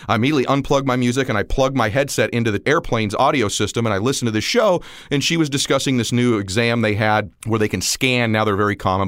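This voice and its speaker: A man in his forties giving a motivational talk, telling stories and acting out the dialogue, at times rising almost to a shout. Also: medium pitch, no room sound, studio quality. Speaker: motivational speaker.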